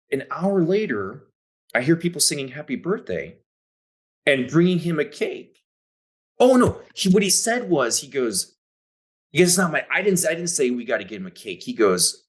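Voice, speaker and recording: A man's voice: medium pitch, big pitch swings, moderate pace, fairly bright tone. A man who is an actor, a guest on a podcast, telling rambling, laid-back anecdotes in casual chat. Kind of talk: casual storytelling.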